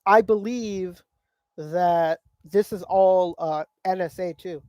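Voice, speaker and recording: An enthusiastic podcast co-host trading slangy banter in casual chat. His voice sits at a middle pitch and sounds dry and close, with no room echo. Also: takes it slowly, dark tone.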